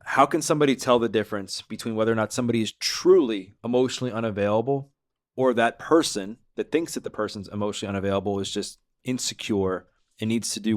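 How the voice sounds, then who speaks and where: A man hosting a podcast who asks long, searching interview questions. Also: lowish voice. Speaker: podcast host.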